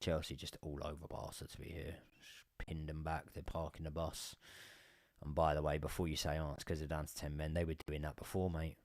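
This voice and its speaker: A young man giving sweary live commentary as a football fan on a watchalong stream, swinging from muttering to shouting. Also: extremely low pitch, monotone, brisk, no echo, clean studio sound.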